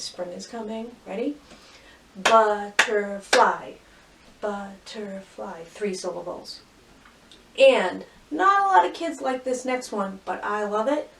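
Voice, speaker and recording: A woman teaching a phonics lesson to young children, cheerfully sounding out words and syllables slowly and clearly. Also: mid-range voice, recorded from a distance, background noise. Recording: roomy echo, voice from off mic.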